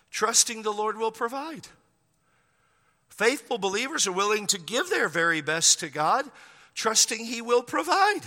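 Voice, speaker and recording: Man, middle-aged pastor, sermon, humorous storytelling, long hall reverb. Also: fairly high pitch. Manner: animated storytelling with humor and acted prayers.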